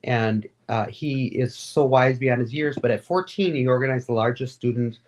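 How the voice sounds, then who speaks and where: A woman being interviewed, telling stories in a rambling, animated and candid way, with frequent fillers. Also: extremely low pitch, moderate pace. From Florida. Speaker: guest, advocate and radio host. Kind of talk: casual interview storytelling.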